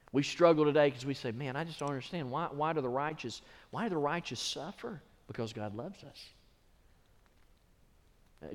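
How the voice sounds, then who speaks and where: A male pastor preaching in a large church, his voice carrying a long reverb tail off the walls. He swings from hushed, personal storytelling to soaring, shouted declarations, pitched at an ordinary middle register. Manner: builds to impassioned shouting, then drops low. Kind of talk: sermon.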